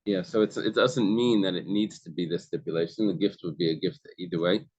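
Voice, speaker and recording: A man's voice: sits low, fairly even intonation, a little fast, darkish tone, breathy edge, no room sound, muffled recording. A man leading a Talmud study session, reading passages and then explaining them plainly with many restarts. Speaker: Talmud class leader. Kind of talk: explaining a text to a study group.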